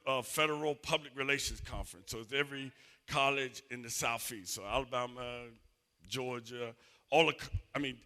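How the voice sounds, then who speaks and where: A man preaching a sermon as associate minister, telling a story with excitable, animated energy and acting out the dialogue in it. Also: medium pitch.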